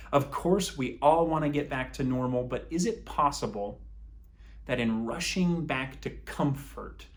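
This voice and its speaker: A young adult man preaching a sermon as pastor, earnest, moving from soft, reflective passages to impassioned appeals. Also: on the high side.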